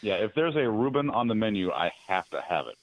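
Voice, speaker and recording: An American man calling in to a podcast, chatting casually and pausing with hesitations. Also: fairly low pitch, no room sound. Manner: relaxed storytelling with hesitations. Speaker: caller. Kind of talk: casual call-in chat.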